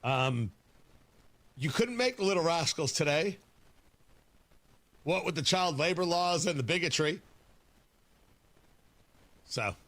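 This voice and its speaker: A man's voice: a little high, expressive, slow, long pauses, a bit bright. A man hosting a morning radio show, joking and rambling in a casual way. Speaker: radio host.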